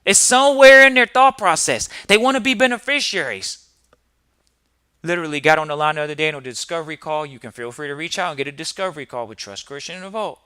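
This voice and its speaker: A male podcast host delivers a preachy monologue full of rhetorical questions. His voice is sharp and forceful and sits fairly high. It sounds dry and close. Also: fast, clear, resonant tone, no room sound. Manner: emphatic, fires rhetorical questions.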